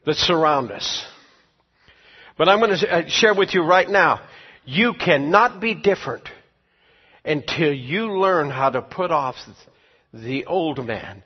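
A man with a fairly high, husky voice preaches a sermon, pressing his points hard and letting his volume rise and fall. The recording is dull and muffled. A long reverb trails after him as in a large hall. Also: lively intonation, takes it slowly, pauses often. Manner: emphatic preaching, rising and falling in volume. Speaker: pastor and teacher.

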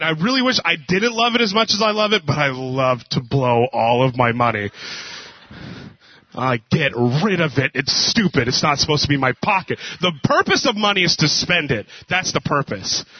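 A male pastor preaching a casual sermon, telling jokes and stories with a relaxed, conversational manner. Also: a little high, no room sound. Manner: casual, joking storyteller. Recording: dull dry lo-fi.

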